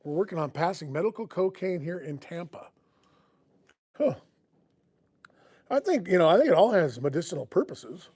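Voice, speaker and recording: A man's voice: on the high side, sing-song, moderate pace, long pauses, a little mellow, slightly rough. A middle-aged man, hosting a casual garage livestream, chatting with viewers and telling stories with chuckles. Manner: folksy storytelling with chuckles.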